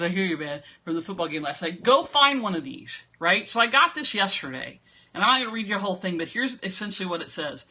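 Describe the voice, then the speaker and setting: A woman marketing coach speaks straight into a camera at her computer, urging viewers on in an emphatic motivational talk. Her voice is bright and forceful, and she keeps checking in with "right?" as she goes. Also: mid-range voice.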